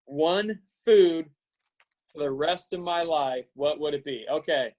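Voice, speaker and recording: A man in his forties from Iowa, giving an earnest, halting pep talk to students on a video call, with many fillers and restarts. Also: fairly high pitch, a little mellow, low-quality recording. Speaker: guest speaker.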